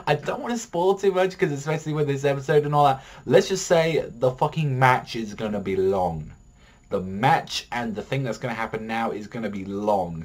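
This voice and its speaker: With a fairly low-pitched voice, a man reviews an anime episode in a rambling, excitable way. He swears a lot and peppers his talk with "like."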